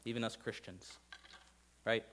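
A man preaching a sermon conversationally, asking his listeners questions and swinging between loud emphasis and hushed intensity. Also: lowish voice, fairly even intonation, a little slow, slight background noise. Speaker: pastor.

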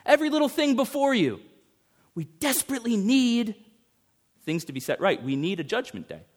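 A man preaching a sermon as pastor, emphatic, swinging between urgent rises and hushed passages. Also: extremely high pitch, sing-song, normal speed.

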